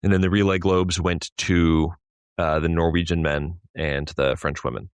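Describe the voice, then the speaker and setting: A man co-hosting a sports podcast in a casual, chatty way, laughing often and getting animated when telling a story. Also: deep voice, moderate pace, clear, resonant tone, dry recording. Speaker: podcast co-host. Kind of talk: casual chat.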